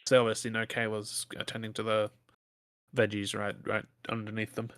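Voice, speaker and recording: A man's voice: lowish voice, completely flat delivery, brisk, fairly bright tone, dry recording. A man narrating as game master in a casual, hesitant way, with plenty of fillers.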